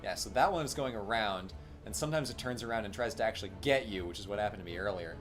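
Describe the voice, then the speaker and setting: A man's voice: lowish voice, quick pace, faint music behind. A man chatting casually while playing a video game on stream, explaining history as he goes and laughing often. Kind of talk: casual gameplay commentary.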